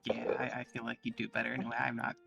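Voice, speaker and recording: A woman's voice: extremely low pitch, monotone, rapid-fire, creaky, a bit bright, breathy edge, soft background music. A woman co-hosting a game stream, giving short, laid-back replies in casual chat. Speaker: co-host voice actor.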